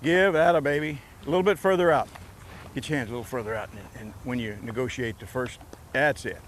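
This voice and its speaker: A man's voice: mid-range voice, fairly quick, slight background noise. A man coaching a youth baseball team outdoors, giving short, encouraging instructions during drills.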